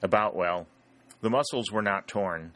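A man's voice: on the low side, unhurried, fairly bright tone. A man reading the plain, matter-of-fact lines of a wounded young soldier.

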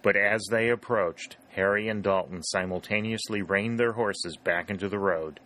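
Narrator: man, lowish voice, steady even reading of a historical novel. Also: normal speed. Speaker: audiobook narrator. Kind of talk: scripted narration.

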